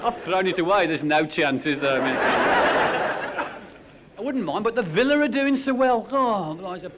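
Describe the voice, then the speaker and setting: A man doing a stand-up comedy routine in quick jokey patter, with asides to the audience. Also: high-pitched, lively intonation, lo-fi sound. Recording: live club recording with loud crowd laughter and noise. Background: audience laughing.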